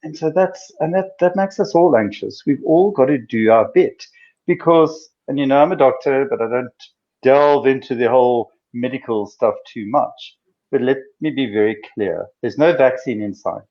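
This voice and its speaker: A middle-aged man, a doctor co-hosting a casual chat, telling stories with animated bursts of emphasis. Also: mid-range voice, normal speed. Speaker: doctor and co-host. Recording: dull lo-fi sound.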